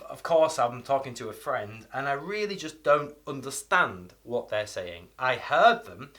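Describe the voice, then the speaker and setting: A middle-aged British man with a British English accent, teaching an energetic English video lesson and acting out examples with shifting intonation. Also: medium pitch. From Britain. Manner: lively, acts out examples with changing intonation.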